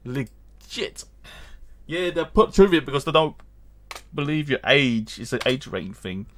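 A man's voice: medium pitch, very animated, a little slow, fairly bright tone. A man giving casual let's-play commentary, reading game text aloud, rambling, humming and chuckling as he goes. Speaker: gaming channel host.

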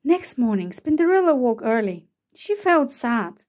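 A woman reading a children's picture book aloud, telling the story slowly and expressively. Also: sits high, big pitch swings, a little mellow. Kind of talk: children's read-aloud narration.

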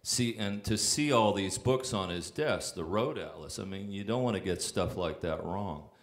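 With a low-pitched voice at a moderate pace, a male songwriter rambles through casual on-stage stories, frequently pausing on fillers and starting over.

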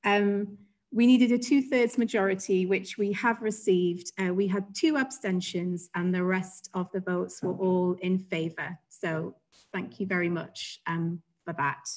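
A woman organising an online meeting, briskly announcing a vote result in a friendly way with light fillers. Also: lowish voice, steady tone, a little mellow, rough recording.

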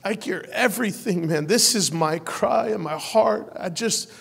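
A man in his forties preaching a sermon, joking with the congregation and building to loud, passionate peaks. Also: high voice, a little slow, vocal fry. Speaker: pastor. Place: church sanctuary. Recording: long church hall reverb.

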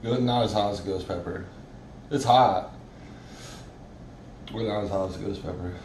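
A man's voice: lowish voice, a little slow, darkish tone. A man taking a spicy noodle challenge, chatting casually and complaining about the heat between laughs. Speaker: challenge taker. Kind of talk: casual chat. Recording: echoey room with noise.

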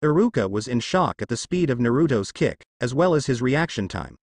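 A man narrating a fan fiction story in a steady storytelling way. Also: mid-range voice, brisk, no room sound, clean studio sound.

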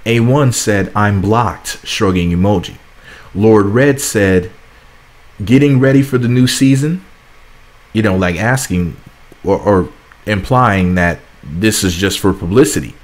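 Low-voiced chatty man reading gossip. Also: a little slow. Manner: chatty and sassy, laughing at his own asides. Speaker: gossip channel host. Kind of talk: casual celebrity gossip commentary, reading comments aloud.

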